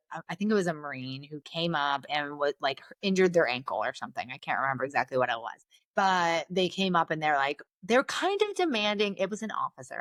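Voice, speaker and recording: Woman, lowish voice, dry close sound, animated storyteller, lots of "like" and "right?", interview guest. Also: no echo. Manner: animated, fills speech with "like" and "right?". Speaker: guest, Navy physician.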